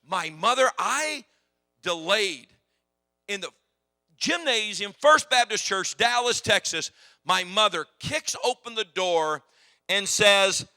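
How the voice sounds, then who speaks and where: A man preaching a sermon in a church, telling stories in an animated, emphatic, humorous way. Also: sits high, takes it slowly, long pauses, no echo. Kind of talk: sermon with personal storytelling.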